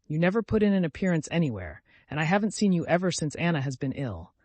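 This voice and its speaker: A man's voice: on the high side, big pitch swings, a little mellow, no echo, pitched above the performer's own voice. A man playing a sly, gushing society princess. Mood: ironical. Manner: ironical, gushing, brisk.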